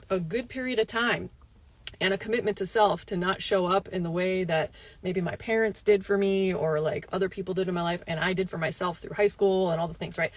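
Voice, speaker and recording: A woman health coach giving a motivational talk to camera, telling a personal story with lively asides and checking in with "right?". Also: mid-range voice. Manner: animated storytelling, frequent "right?" asides and laughs.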